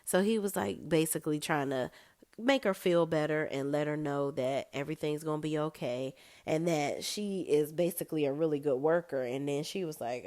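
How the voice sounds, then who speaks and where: A woman's voice: low voice, moderate pace, a little mellow, no room sound. A woman recapping a TV episode in a casual, sassy, blunt way, full of slang. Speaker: TV recap vlogger.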